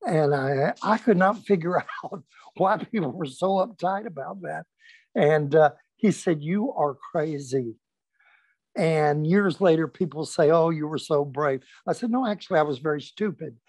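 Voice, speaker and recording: An older pastor recounts his history while storytelling in a recorded conversation, his voice fairly high and a little slow. He is an animated anecdotal storyteller who acts out the voices of people he quotes, with many fillers and restarts. There is no room sound.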